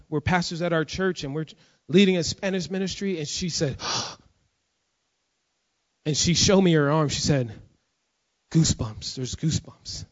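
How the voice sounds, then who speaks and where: A man from Jacksonville preaching a sermon as a pastor, fervent and at times shouting, then dropping low to tell a story. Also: dull audio. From Jacksonville, USA.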